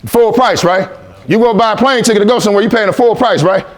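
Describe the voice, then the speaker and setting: Talking fast in a high voice, a male motivational speaker fires up a youth team, drilling repeated phrases and getting them to answer back in call-and-response.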